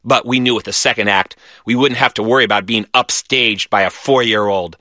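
A man reading a children's story aloud in a lively, animated way. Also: fairly low pitch, a little fast, no echo, studio quality.

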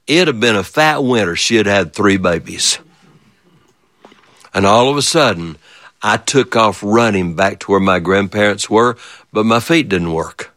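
A man storyteller telling a childhood story in an animated way, repeating phrases and turning to his listeners with playful questions. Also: on the low side, measured pace, no echo. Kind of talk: oral storytelling of a childhood memory.

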